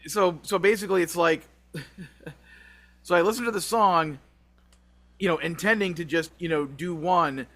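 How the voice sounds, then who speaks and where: A man's voice: on the high side, measured pace, long pauses. Rambling, upbeat podcast co-host man. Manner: rambling, animated storytelling, laughs often. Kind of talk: casual chat.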